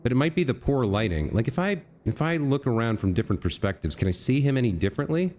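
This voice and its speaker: A man's voice: medium pitch, big pitch swings, fast talker, darkish tone. A man hosting a let's play, thinking aloud as he reasons through a puzzle, often correcting himself and talking to the figures on screen. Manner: musing, self-correcting, talks to on-screen figures. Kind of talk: thinking aloud while gaming.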